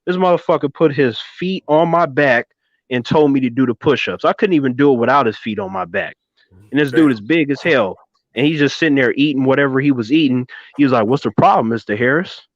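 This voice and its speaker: A man in his thirties telling a story in a casual chat, animated and swearing, on a dull, dry recording. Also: mid-range voice, fairly quick, dry recording. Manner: animated, swearing, keeps addressing his co-host by name. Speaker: podcast co-host.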